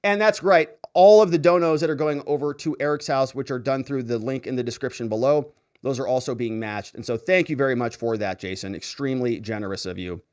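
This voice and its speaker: A man's voice: mid-range voice, fairly quick, hardly any pauses, clear, resonant tone. A man hosting a livestream, casually reading viewer comments aloud and reacting with frequent laughter. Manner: animated, laughs often, reads comments aloud. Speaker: show host reading live chat.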